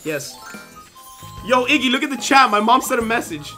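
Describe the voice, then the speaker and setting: A man in his twenties streaming a game live, chatting excitably to his viewers and constantly cutting himself off with "hold up". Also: very high-pitched, normal speed, faint music behind. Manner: excitable, fidgety, keeps saying "yo" and "hold up". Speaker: gaming streamer. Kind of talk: casual live-stream chat while playing.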